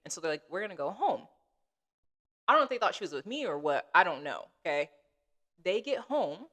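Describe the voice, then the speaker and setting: A woman's voice: fairly low pitch, very animated, brisk, a bit bright. A woman co-hosting a podcast, chatting casually and acting out quoted lines as she tells a story. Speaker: podcast co-host.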